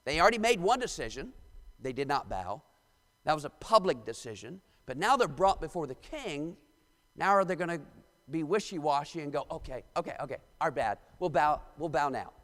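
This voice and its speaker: A man's voice: a little high, a bit bright. A man preaching a sermon as pastor, reading scripture with dramatic emphasis, in a church sanctuary. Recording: long church reverb.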